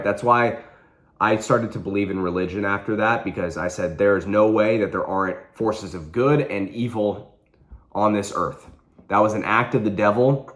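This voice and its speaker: A young man vlogging, telling a personal story with earnest intensity and repeating phrases for emphasis. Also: sits low.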